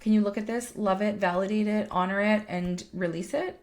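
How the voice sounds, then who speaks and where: A woman's voice: mid-range voice, fairly even intonation, fairly quick, lightly acted. A woman voicing an eager little child who insistently asks to be looked at. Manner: insistent, pleading for attention.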